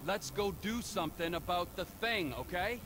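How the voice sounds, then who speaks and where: A man's voice: sits high, normal speed, background noise, natural voice. An actor playing a volatile, crude male criminal in a video game, talking in abrupt, profane, manic swings.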